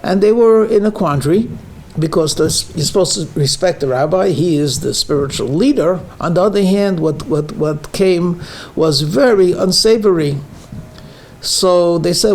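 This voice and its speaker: A man's voice: sits high, normal speed, a little mellow. A man, a rabbi, giving a weekly lecture, telling stories and stressing words to show how emphasis changes meaning. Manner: storytelling, stresses words for emphasis, frequent fillers. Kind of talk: sermon with jokes and teaching.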